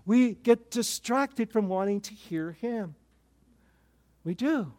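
Older male pastor, high-pitched, informal storytelling sermon with wry humor. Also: lively intonation, slow, darkish tone. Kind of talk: conversational sermon.

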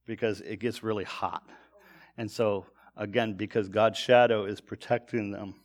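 A man's voice: lowish voice, fairly even intonation, normal speed. A man preaching, teaching a text verse by verse and reading each verse aloud with lifted emphasis before explaining it.

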